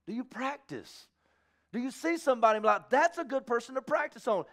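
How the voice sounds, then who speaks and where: A man's voice: very high-pitched, expressive, fairly quick, fairly bright tone. A middle-aged man preaching a sermon, moving between fervent exhortation and chatty storytelling with acted-out asides. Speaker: pastor.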